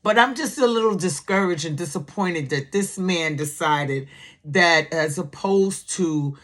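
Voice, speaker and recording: Indignant chatty woman vlogger. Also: a little slow. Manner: chatty, indignant, rises high when upset. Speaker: vlogger commenting on the news. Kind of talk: casual news commentary.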